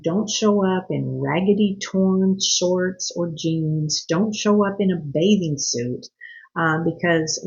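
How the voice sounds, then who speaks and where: A cruise vlogger talks casually to camera, offering earnest, slightly scolding etiquette advice with chatty asides. Her voice is lowish, a little mellow, with vocal fry, and the audio sounds dull.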